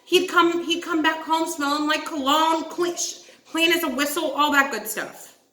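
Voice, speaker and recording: A woman's voice: high voice, fairly even intonation, normal speed, a bit bright. A young woman hosting a casual storytime vlog, talking animatedly, swearing and calling her viewers guys. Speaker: channel host telling a story. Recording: echoey room.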